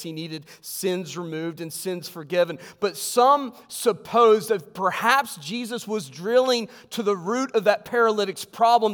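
A male pastor preaching a sermon in a church, swinging from loud emphatic lines to hushed ones. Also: sits high, in a large hall. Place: church sanctuary.

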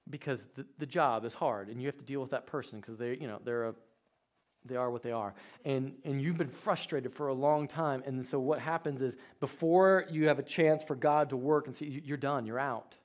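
A male pastor preaching, telling personal stories, dropping to quiet asides and rising to shouted emphasis. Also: medium pitch, moderate pace. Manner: storytelling, swings from hushed asides to shouted emphasis. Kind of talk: sermon.

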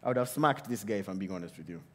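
A man preaching a sermon in an animated way, often asking the audience questions. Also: on the low side, racing.

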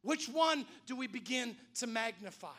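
A man in his thirties delivers a church sermon with a high, ringing voice. His tone is bright and forward, and he slips into little acted-out quotes as he tells stories. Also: normal speed. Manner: animated storytelling, acts out quoted voices. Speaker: pastor.

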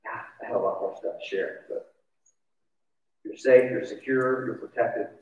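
A male pastor with a medium-pitched, steady, slightly mellow voice gives a conversational, confessional sermon at a normal speed, asking the audience questions. The church recording is distant, echoey and dull, with slight background noise.

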